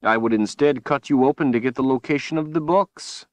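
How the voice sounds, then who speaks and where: A man voicing a cruel, menacing male tyrant wizard in an audiobook, speaking slowly and tauntingly. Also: medium pitch, darkish tone, no room sound, pitched above the performer's own voice, lightly acted. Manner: slow, taunting, drawn-out delivery. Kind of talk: audiobook character voice.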